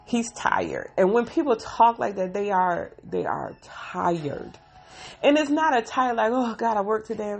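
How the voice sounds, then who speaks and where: A woman talks through a TV episode in a loose, casual recap, sighing and getting emotional as she goes. She speaks at a middle pitch and records into a phone. Soft music plays faintly behind her. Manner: emotional, sighing, heartfelt retelling.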